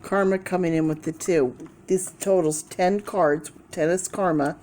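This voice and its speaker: Woman tarot vlogger, low voice, slow and musing, casual chat to camera. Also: steady tone, darkish tone, slight background noise. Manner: slow, repeats key words, thinking aloud. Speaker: tarot reader.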